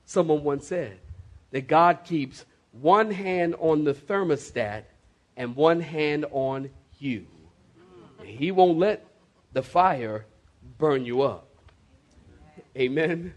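A man's voice: a little high, takes it slowly, long pauses. A man preaching a sermon as pastor, emphatic and calling for responses from the congregation, with swift asides.

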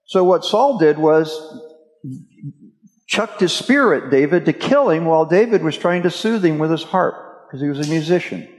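A man's voice: on the high side, expressive, moderate pace. A male preacher telling a scripture story in a casual, chatty storytelling way during a sermon. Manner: casual storytelling, addresses listeners as guys. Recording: echoey hall reverb.

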